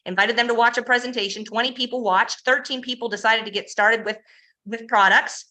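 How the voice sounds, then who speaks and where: A woman giving an energetic sales presentation, telling success stories, asking the audience rhetorical questions and acting out quoted dialogue. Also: mid-range voice, poor audio. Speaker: presenter pitching a home business.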